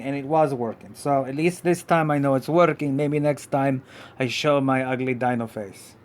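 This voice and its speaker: Man doing a goofy dino puppet pup, vague put-on foreign accent, slightly high voice, halting, rambling podcast host. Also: natural voice. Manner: rambling, halting, many restarts. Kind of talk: live podcast character act.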